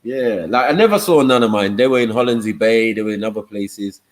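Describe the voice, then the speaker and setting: A man's voice: lowish voice, fairly quick. A man telling laid-back, slang-filled anecdotes on a casual panel. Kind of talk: casual storytelling.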